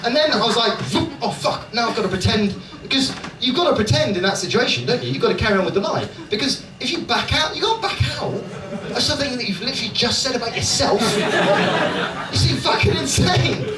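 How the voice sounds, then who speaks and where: A man's voice: very high voice, lively intonation, a little fast, recorded from a distance. A British man from Dorset doing stand-up crowd work, chatty and self-mocking, often checking in with the crowd. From Dorset, England. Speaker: stand-up comedian. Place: comedy club stage. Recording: echoey club audio from afar, noisy. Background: audience laughter and room noise.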